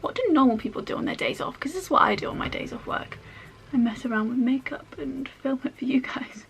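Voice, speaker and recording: A woman's voice: high voice, a little fast, a bit bright, a little hiss or hum. A woman chatting her way through a makeup tutorial at home, rambling with self-mocking asides as she works. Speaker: makeup vlogger.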